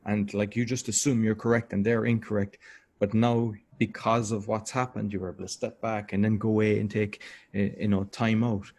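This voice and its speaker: A man interviewing a guest in a relaxed conversation, reflective and encouraging, sometimes repeating words. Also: lowish voice, normal speed.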